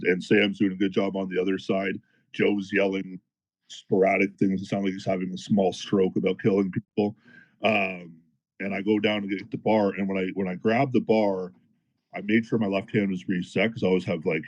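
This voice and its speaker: A man telling a story in a casual podcast chat, animated and profane, as a powerlifter guest. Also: deep voice, normal speed, dull audio. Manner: animated, profane, fired-up retelling.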